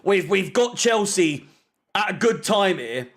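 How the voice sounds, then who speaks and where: A young man talks over a live football match, venting in a swearing, sarcastic rant. His voice sits high and he takes his time between points. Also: animated, unhurried, fairly bright tone. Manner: frustrated, swearing, sarcastic ranting. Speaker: fan channel co-host. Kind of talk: live match watch-along commentary.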